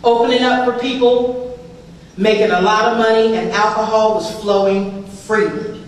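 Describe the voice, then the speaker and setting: A woman's voice: a little high, fairly even intonation, normal speed, distant mic, a little hiss or hum. A woman telling her own life story to an audience, wry and self-mocking, with a comic touch. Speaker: speaker sharing a recovery story. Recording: echoey hall, heard from afar.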